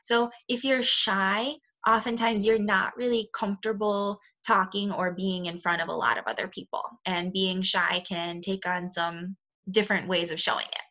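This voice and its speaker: A woman teaching young children a phonics lesson, speaking slowly and clearly with encouraging praise. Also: medium pitch, steady tone, bright, forceful tone. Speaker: second grade teacher. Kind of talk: recorded remote phonics lesson.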